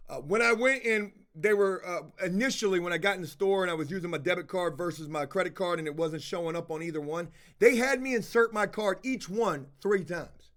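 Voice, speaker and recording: A male livestream host tells a rambling, profane story in a casual, animated way, acting out both sides of the dialogue. His voice sits high, he speaks fairly quickly, and he barely pauses.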